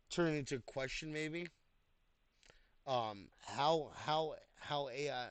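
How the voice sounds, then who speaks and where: Tired man giving halting feedback. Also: mid-range voice, no room sound. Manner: halting, many fillers and restarts. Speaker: writing coach reviewing posts. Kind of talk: casual spoken feedback. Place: home desk, online voice chat.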